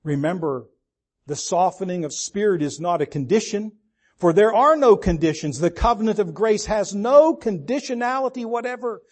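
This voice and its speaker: High-voiced older male pastor preaching. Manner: shifts from emphatic, drawn-out words to soft, low asides. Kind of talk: sermon.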